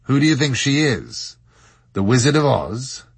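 A man's voice: medium pitch, sing-song, a little slow, vocal fry, husky, dry recording, voice pushed up, exaggerated voice. A man voicing the Marquis, a worldly, self-assured nobleman who speaks in a dry, unsympathetic way.

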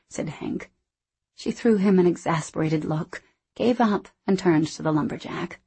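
Woman, audiobook narrator, husky, lowish, measured, wry. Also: mellow.

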